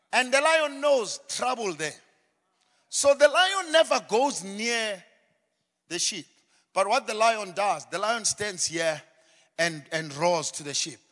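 A man preaching a sermon in a dramatic style, acting out scenes and building to shouted refrains. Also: high-pitched. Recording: long hall reverb.

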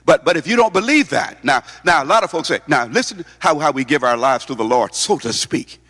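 A man's voice: fairly high pitch, expressive, a little fast, pushed and bright. A male preacher delivering a sermon with emphatic repetition and questions to the congregation. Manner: emphatic, repeats words, asks the congregation questions. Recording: long hall reverb.

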